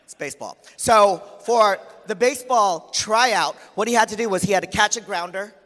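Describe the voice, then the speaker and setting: A man's voice: high voice, normal speed. A man emceeing a conference, telling comic stories in a stand-up style and acting out the voices of the people he quotes. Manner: animated, acts out quoted voices. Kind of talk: stand-up comedy storytelling. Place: large conference hall stage. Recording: echoey hall reverb.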